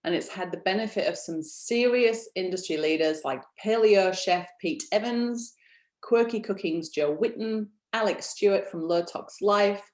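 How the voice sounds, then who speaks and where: A woman's voice: mid-range voice, a little mellow, echoey room. A woman founder presenting a casual webinar from home, chatty and encouraging, asking her audience questions.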